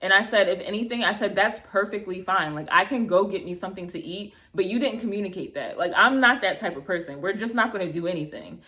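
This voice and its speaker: A woman in her thirties telling a bad-date story to camera, animated and exasperated, acting out both sides of the conversation, with lots of "like" and casual swearing. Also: medium pitch, fast talker, few pauses. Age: 30s. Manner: heavy filler "like", casual swearing. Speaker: vlogger. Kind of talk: storytime vlog, casual retelling.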